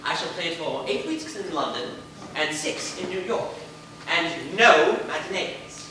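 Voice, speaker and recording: A man's voice: fairly high pitch, lively intonation, a little slow. A man acting a flamboyant, vain celebrity playwright in a live stage play, with a grandiose, theatrical delivery. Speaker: stage actor. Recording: distant, echoey and noisy theater recording.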